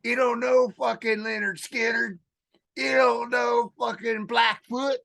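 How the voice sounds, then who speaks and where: A man voicing a loud, drunk Southern redneck rock fan who swears and shouts his rants. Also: very high voice, fairly even intonation, takes it slowly, vocal fry, voice pushed up, heavily acted. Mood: rowdy. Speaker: podcast co-host.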